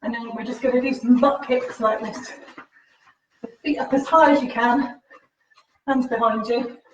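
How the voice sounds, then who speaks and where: A woman fitness instructor leads a live-streamed home workout with a faith reflection, sounding upbeat and encouraging and slightly out of breath as she exercises while talking. Her voice is fairly high with fairly even intonation and an unhurried pace, and the roomy, distant, dull livestream audio carries slight background noise.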